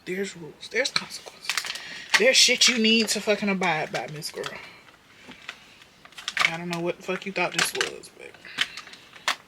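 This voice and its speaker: A young woman doing her makeup while chatting to her viewers, candid and profane, slipping from muttered whispers into loud bursts. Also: on the low side, expressive, unhurried, long pauses, heavy background noise. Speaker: beauty vlogger.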